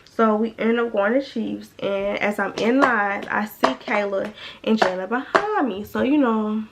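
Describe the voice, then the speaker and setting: Young woman, casual storytime vlogger, chatty and slangy, middle pitch with a gravelly fry, faint hiss behind. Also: unhurried. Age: young adult. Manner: chatty, slangy, addresses viewers as y'all.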